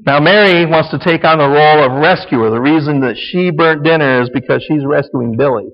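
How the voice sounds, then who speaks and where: A man's voice: a little high, moderate pace, few pauses. A man teaching a sermon in a conversational, folksy way, often checking in with "okay?". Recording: dull lo-fi sound with long hall reverb.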